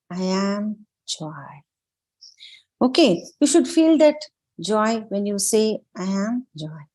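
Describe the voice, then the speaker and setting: A woman explaining a self-help book in an earnest, encouraging way, often pausing with fillers. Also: high-pitched, darkish tone, low-quality recording. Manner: addresses listeners as friends. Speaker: spiritual book discussion host.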